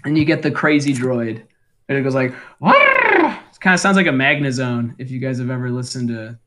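A young man co-hosting a casual podcast, laughing often as he runs through quick grunts and death-cry impressions. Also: medium pitch, huge pitch swings, heavy background noise. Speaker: podcast co-host. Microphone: home microphone.

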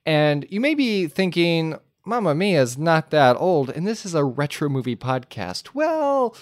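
A man co-hosting a casual movie review podcast, cracking dry, deadpan jokes. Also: a little high, measured pace, no room sound. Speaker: podcast co-host.

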